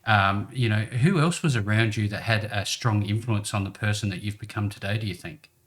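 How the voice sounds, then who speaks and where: A man's voice: fairly low pitch, fairly quick. A man hosting a business interview show, encouraging his guest and laughing along with him. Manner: warm, encouraging, laughs often. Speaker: host.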